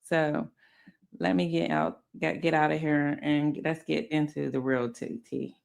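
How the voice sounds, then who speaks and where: A woman's voice: low voice, unhurried, vocal fry. A woman hosting casual commentary, blunt and profane, often laughing. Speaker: commentary host.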